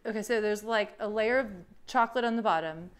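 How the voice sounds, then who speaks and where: A woman's voice: medium pitch, brisk, clear, resonant tone. A woman co-hosting a live show, chatting casually and teasing her co-host with skepticism. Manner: chatty, skeptical, laughs easily. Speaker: podcast co-host. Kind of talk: casual chat.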